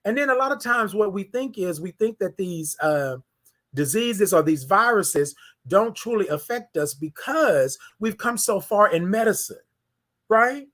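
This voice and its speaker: Man, high-pitched voice, live-stream host, heartfelt preacher-like delivery, reads viewer comments. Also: expressive, unhurried, fairly bright tone. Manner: emotional, preacher-like cadence with many "right?" asides. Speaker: host of a morning live show.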